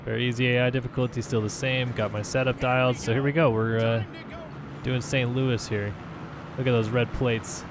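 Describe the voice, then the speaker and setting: Brief: easygoing male gaming host, mid-pitched, casual play-by-play, noisy background. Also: flat delivery, normal speed. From California. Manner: laid-back, chatty, thinks aloud with fillers. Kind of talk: casual gameplay commentary.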